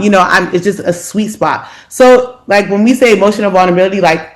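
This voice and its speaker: A woman on a podcast panel, speaking casually in a halting way and leaning heavily on filler words. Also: mid-range voice, a bit bright. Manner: halting, heavy use of "like" fillers.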